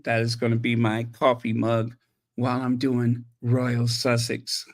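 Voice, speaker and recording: Slow-talking man hosting a livestream. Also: medium pitch, completely flat delivery. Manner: chatty, reacting to viewer messages with many fillers. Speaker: channel host. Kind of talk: casual livestream chat.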